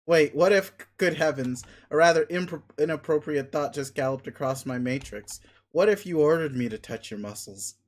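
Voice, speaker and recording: A man reading a webcomic aloud, voicing a boastful, crude, muscle-obsessed male creature who swears loudly and gives commands. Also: on the high side, moderate pace, few pauses, lightly acted. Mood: demanding. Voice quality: loud, bragging, swears constantly. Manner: bombastic, pushy, commanding.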